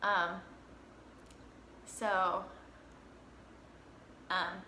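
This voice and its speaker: Animated young woman vlogger, bright voice. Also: lowish voice, very slow, reverberant, slight background noise. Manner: animated, swears freely, acts out her own reactions. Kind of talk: casual storytelling to camera.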